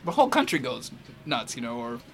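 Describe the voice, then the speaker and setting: A photographer telling a long story in a casual, rambling way, with many restarts and fillers. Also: male voice, medium pitch, big pitch swings, brisk, fairly bright tone, a little hiss or hum.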